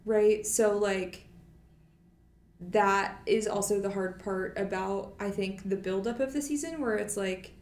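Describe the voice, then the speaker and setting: A woman's voice: medium pitch, fairly even intonation, a little slow, a little mellow. Chatty woman in an echoey room. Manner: chatty, many fillers, sarcastic. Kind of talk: casual chat.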